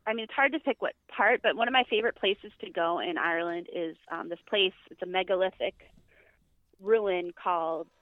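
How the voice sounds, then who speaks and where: A woman's voice: lowish voice, a little fast, dry recording. A woman speaks as a podcast guest over a tinny, phone-like line. Her delivery is loose and chatty, full of fillers and restarted sentences. The sound is dry with no room around it. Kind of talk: casual chat.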